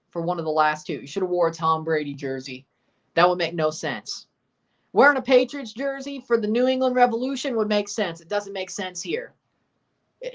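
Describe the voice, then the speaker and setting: A woman's voice: medium pitch, muffled recording. A woman doing casual play-by-play of a football match on a livestream, calling the action and sassily answering her chat. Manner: sassy, talks back to chat. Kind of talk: watchalong play-by-play and chat replies.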